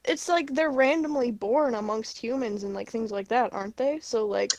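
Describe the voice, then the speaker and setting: Easygoing woman with a higher, dry voice. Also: moderate pace, no echo. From Illinois, US. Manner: easygoing, laughs along, filler "like". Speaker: podcast co-host. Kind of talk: casual chat.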